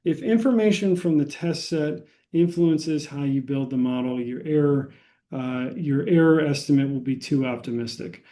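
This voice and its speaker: An American man teaching a statistics lecture, explaining unhurriedly with many pauses and filler words. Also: fairly high pitch, dark tone. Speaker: statistics instructor.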